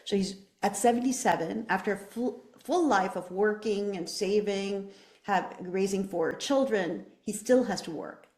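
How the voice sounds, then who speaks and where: A woman's voice: medium pitch, darkish tone. Passionate woman candidate in a roomy space. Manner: passionate, emphatic, rhetorical questions. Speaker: political candidate. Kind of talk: interview answer.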